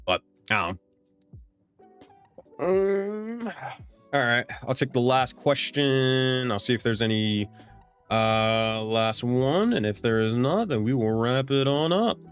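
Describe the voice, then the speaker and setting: A man's voice: mid-range voice, unhurried, clean tone, soft background music. Rambling young man streaming a Q&A. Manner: rambling, with restarts and casual swearing. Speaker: streamer and game master. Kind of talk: casual livestream Q&A.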